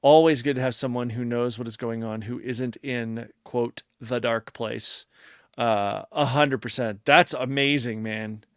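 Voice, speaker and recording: A man co-hosting a casual podcast, talking in a loose, rambling way and stopping now and then to read listener comments aloud. His voice sits at an ordinary middle pitch. It sounds close and dry, with no room around it. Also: fairly even intonation, measured pace, clean tone, dry recording. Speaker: podcast co-host.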